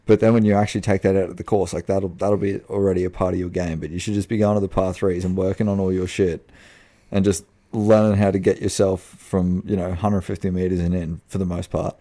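Young Australian man, low mellow voice, blunt, sweary, relaxed podcast chat. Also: a little fast. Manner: laid-back, blunt, sweary. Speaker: podcast co-host. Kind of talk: casual chat.

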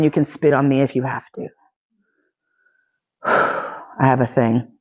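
A woman's voice: deep voice, a little mellow, lo-fi sound. A woman from New York City hosting a podcast lecture, telling a story in casual, profane talk and laughing often. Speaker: podcast host giving a lecture.

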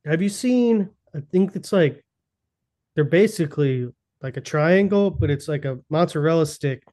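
A young man co-hosts a podcast in sarcastic, joking chat and swears often. His voice sits a little higher than most men's. He talks in a loose, offhand way. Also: expressive, moderate pace, dark tone. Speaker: podcast co-host. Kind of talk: casual chat.

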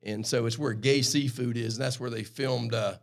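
A relaxed man with a thick South Carolina Lowcountry accent, talking as a podcast guest. His voice sits in an ordinary middle pitch, and he chats in an easygoing, agreeable way. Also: moderate pace. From South Carolina, USA. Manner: easygoing, agreeable, keeps saying "that's right". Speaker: guest, airline pilot. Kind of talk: casual podcast conversation.

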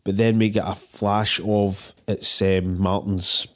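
A Scottish man co-hosting a casual film podcast, swearing freely and recounting scenes with animated outbursts. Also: sits low, takes it slowly. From Scotland. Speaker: podcast co-host.

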